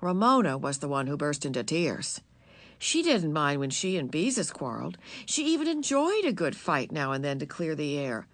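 A woman narrating a children's book, telling the story in a gentle, measured, expressive way. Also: deep voice, dry recording. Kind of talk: children's audiobook reading.

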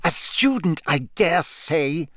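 A sneering, icy potions master, as a male narrator puts him on, hissing his words softly and dangerously. The voice sits a touch higher than the reader's own and comes across clipped and cold. The recording is dry and close. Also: animated, slow pace, dry recording.

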